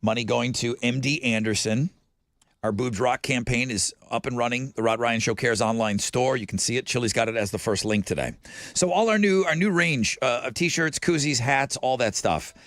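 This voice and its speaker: A man hosting a morning radio show, chatting in a lively, jokey way and laughing easily. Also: mid-range voice, moderate pace, no room sound, clean studio sound. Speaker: radio host. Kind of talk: morning radio chat and live ad reads.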